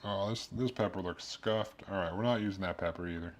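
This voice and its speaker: This young man streams while cooking in his kitchen, rambling through crude jokes and one long story as he works. His voice sits low and moves briskly. There's a little hiss or hum on the audio.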